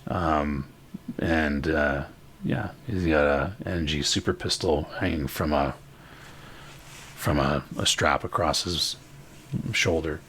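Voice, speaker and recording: A man narrating a tabletop game as game master, halting and full of fillers. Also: a bass voice, fairly bright tone, slight background noise.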